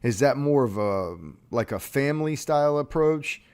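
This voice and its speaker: A man's voice: mid-range voice, lively intonation, moderate pace, darkish tone, clean tone. A man hosting a podcast, asking probing questions and rephrasing them as he goes. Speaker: podcast host. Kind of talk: casual podcast interview.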